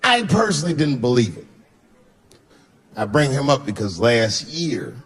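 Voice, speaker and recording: A man doing stand-up comedy, telling a long profane story in a conversational way, swinging his pitch up for emphasis. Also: sing-song, measured pace.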